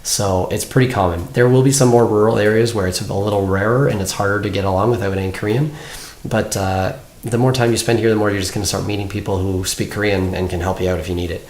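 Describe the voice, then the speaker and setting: A man's voice: fairly low pitch, steady tone, fast talker, a little mellow. A young man from Canada chatting casually as a vlogger in his apartment, laid-back and full of "like". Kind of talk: casual chat. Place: apartment room. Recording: echoey room, faint noise.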